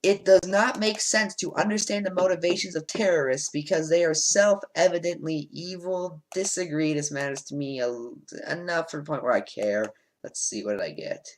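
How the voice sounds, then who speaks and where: This let's play host's voice sits a little high and moves at a moderate pace. Using a home desk mic, he reads quiz statements aloud, answers them flatly, and fills gaps with frequent ums, all on a low-quality recording.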